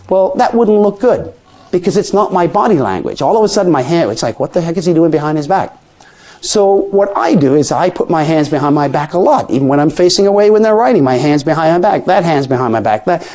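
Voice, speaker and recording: A man's voice: a little high, warm tone. An older man, a mentalist, lecturing a class on stage technique and acting out little scenes as he tells stories. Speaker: mentalist teaching magic.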